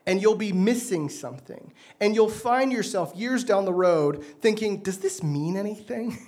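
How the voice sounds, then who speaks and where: A man preaching, telling a self-mocking story with animated delivery and frequent laughs. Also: sits high, moderate pace. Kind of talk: sermon with personal story.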